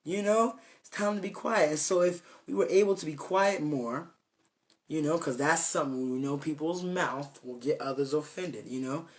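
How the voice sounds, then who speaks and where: A man's voice: on the high side, moderate pace. A young man giving an informal, earnest devotional talk, rambling with many fillers and restarts. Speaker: self-made preacher.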